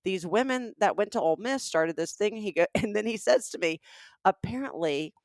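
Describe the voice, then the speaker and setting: A woman's voice: mid-range voice, lively intonation, normal speed, darkish tone, no echo, clean studio sound. A middle-aged woman from Alabama co-hosting a casual comedic podcast, telling stories and asking emphatic rhetorical questions. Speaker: podcast co-host.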